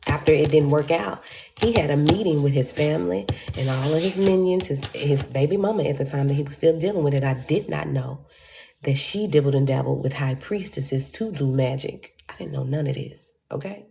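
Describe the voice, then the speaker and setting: A woman telling a personal story to her viewers in a casual, animated way, acting out the voices of the people in it. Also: deep voice, a little fast, vocal fry, slight background noise. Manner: animated, acts out quoted voices, addresses viewers as y'all.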